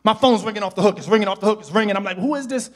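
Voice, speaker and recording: A middle-aged male pastor preaching a sermon in a church, telling a personal story that swings from hushed retelling to shouted preaching. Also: high voice, steady tone, rapid-fire.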